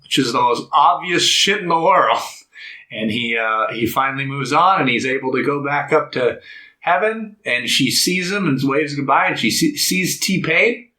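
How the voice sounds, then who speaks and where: A young man co-hosting a podcast, casually recapping a movie's plot and acting out the characters' lines in loud, high voices. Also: moderate pace. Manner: animated storytelling, jumps into loud high voices for quotes. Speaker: podcast co-host. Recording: echoey room.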